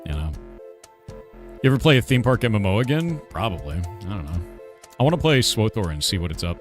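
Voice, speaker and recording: Faint music plays behind a fairly low-pitched man whose voice swings widely in pitch as he talks a little fast. He's a game developer in his forties chatting casually on a live stream, ranting, swearing, and repeating "like" and "dude" a lot.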